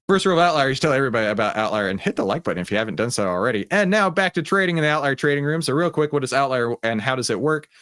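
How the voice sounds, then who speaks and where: A Texan man talks through a live stock-trading stream in a loose, conversational way. He greets viewers by name and drifts through plenty of fillers at an ordinary middle pitch. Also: lively intonation, very fast, hardly any pauses, a bit bright, smooth. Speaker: livestream host of a trading room. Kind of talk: casual live-stream talk.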